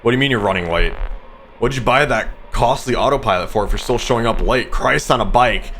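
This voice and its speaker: A man's voice: medium pitch, fast, fairly bright tone, a little hiss or hum, lightly acted. A man voicing a pushy, exasperated loan shark who makes threats, reading game dialogue aloud. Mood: impatient.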